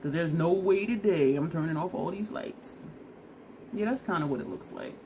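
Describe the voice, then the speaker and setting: A beauty vlogger talks casually through a makeup try-on step by step, chatty and laughing at herself while teary and sniffly from allergies. Her voice is on the low side, mellow, at normal speed, with a little hiss or hum.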